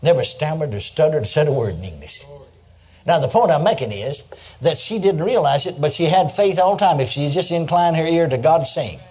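A man's voice: on the high side, lively intonation, fairly quick, darkish tone. An older man preaching a sermon, telling stories in a folksy way and chuckling as he goes. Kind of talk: sermon with storytelling.

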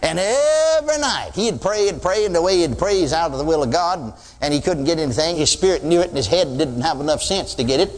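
An older man preaching a sermon, telling folksy stories and acting out loud prayers. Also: on the high side, fast, hardly any pauses. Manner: folksy storytelling, mimics praying loudly. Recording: reverberant hall.

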